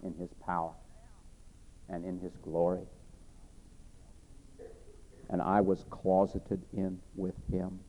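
A man preaching and telling his own conversion story in an earnest way, repeating himself, rising and then dropping to a hush. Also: deep voice, little pitch movement, takes it slowly, pauses often. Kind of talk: sermon testimony storytelling. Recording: tinny phone-like sound.

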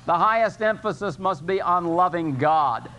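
An older man preaching a sermon as pastor, earnest, slowing and rising in pitch to stress scripture. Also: expressive, bright, forceful tone, slight background noise. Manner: earnest preaching, rising for emphasis, slow drawn-out scripture quotes.

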